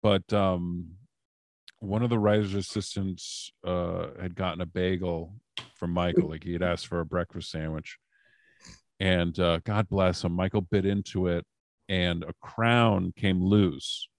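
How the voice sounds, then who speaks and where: A man's voice: deep voice, flat delivery, unhurried, no echo. A man guest on a podcast telling casual stories in a rambling way, with many fillers and restarts. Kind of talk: casual storytelling.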